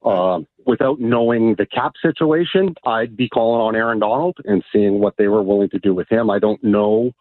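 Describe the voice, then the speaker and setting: A man calling in to a sports radio show, speaking haltingly with many restarts, heard over a phone line. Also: on the low side, dry recording. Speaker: caller. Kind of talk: call-in radio.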